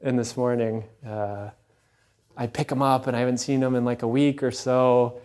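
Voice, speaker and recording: A man giving a storytelling talk at a Catholic event, conversational and animated, often checking in with the audience. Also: medium pitch, moderate pace, smooth.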